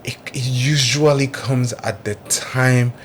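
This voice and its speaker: A man hosting a casual podcast conversation about faith, speaking in a reflective, measured way. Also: mid-range voice, fairly even intonation, a little hiss or hum. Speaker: podcast host.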